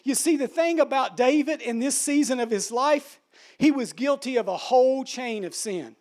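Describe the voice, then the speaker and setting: A man with a very high voice preaches a sermon. He delivers it emphatically, dropping to a hush and then rising forcefully. He often repeats words while building a point. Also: moderate pace. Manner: emphatic, dramatic swings between soft and loud.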